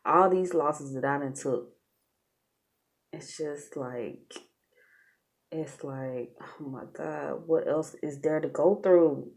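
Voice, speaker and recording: A woman's voice: low voice, slow, pauses often. A woman vlogging in a casual, chatty way, talking straight to her viewers and laughing often. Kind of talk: casual storytelling vlog.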